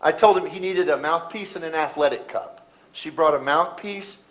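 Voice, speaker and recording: A middle-aged man preaching a sermon, telling a story that swings between loud bursts and hushed, quiet moments. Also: on the high side, moderate pace, rough recording.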